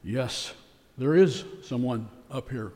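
A man voicing a calm, unhurried male voice that answers from above, speaking evenly and gently. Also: mid-range voice, big-room sound, natural voice. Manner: calm and even.

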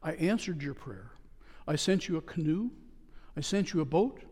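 A male pastor voicing God, speaking gently and patiently, in a sermon. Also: fairly high pitch, animated, normal speed, in a large hall. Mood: gentle.

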